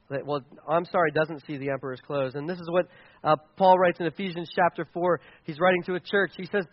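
A man's voice: fairly high pitch, no echo, muffled recording. A male pastor giving a conversational, playful sermon to his congregation.

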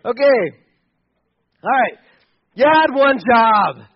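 A man's voice: very high voice, animated, slow, no echo, muffled recording. A man giving sarcastic, exasperated comedic commentary on pictures, chuckling as he goes.

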